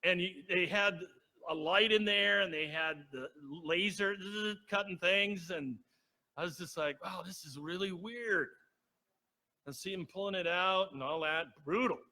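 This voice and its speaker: Preacher, male, high and very bright, conversational storyteller. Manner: storytelling, acts out quoted voices, asks the congregation. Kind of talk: conversational sermon. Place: church sanctuary.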